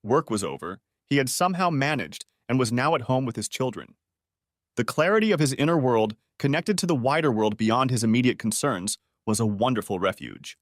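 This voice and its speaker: A man narrates a long story in an even, measured audiobook manner. His voice sits at an ordinary middle pitch. It is recorded close and dry, with no room sound around it. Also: no room sound.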